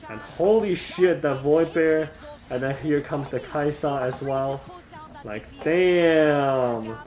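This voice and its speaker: A man co-streaming a match, reacting live, excitable and repetitive, swearing now and then. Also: a little high, slow. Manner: excitable, swears, repeats phrases.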